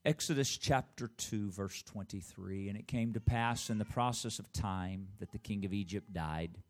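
A man, the pastor, giving church announcements and then preaching a sermon, leading call-and-response and reading scripture aloud slowly. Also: on the low side, darkish tone. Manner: reads scripture aloud in a slow, drawn-out voice.

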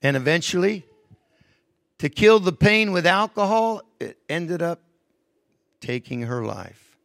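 A man preaching a sermon, emphatic, swinging between hushed stretches and raised, stressed lines. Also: sits high, animated, takes it slowly, vocal fry, no echo.

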